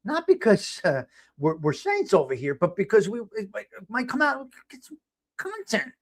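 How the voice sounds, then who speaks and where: A man's voice: high-pitched, huge pitch swings, normal speed. A man hosting a casual live stream, talking in a blunt, rambling way with frequent restarts. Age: 50s. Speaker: host.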